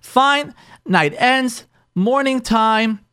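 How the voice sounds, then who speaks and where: A man's voice: extremely high pitch, drawn-out words, clean tone, no room sound, clean studio sound. A man, a rabbi and marriage counselor, telling a story to an audience and acting out the lines of the people in it, often restarting words. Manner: animated, acts out the couple's lines in quoted voices.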